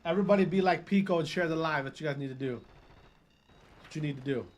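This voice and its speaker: With a fairly high voice, fast delivery, and dull-sounding audio, a Wisconsin man in his thirties streams games and talks with his chat. He swears casually and calls out viewers by name, his Midwest roots clear.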